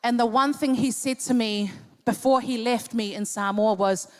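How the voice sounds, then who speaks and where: A woman's voice: fairly high pitch, moderate pace. A woman in her fifties doing cheeky live comedic banter as the entertainer at a charity dinner in a large hall. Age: 50s. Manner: cheeky, teasing the audience.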